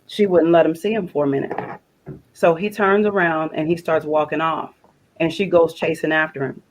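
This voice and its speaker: With a deep voice, fairly even intonation and normal speed, this woman tells an emotional personal story as a guest on a faith broadcast. She talks plainly, uses religious phrasing, and quotes conversations while repeating phrases. The recording is rough.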